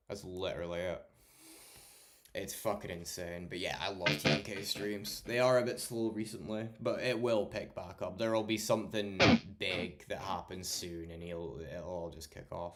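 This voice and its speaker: A young Scottish man with a mild accent chats on a late-night stream, his low voice moving at a moderate pace. He rambles, swears a lot, and keeps things laid-back.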